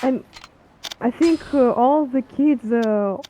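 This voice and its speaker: A woman's voice: high-pitched, takes it slowly, background noise. A woman co-hosting a game stream, teasing and bantering with her partner. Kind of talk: casual gameplay chat. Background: game music.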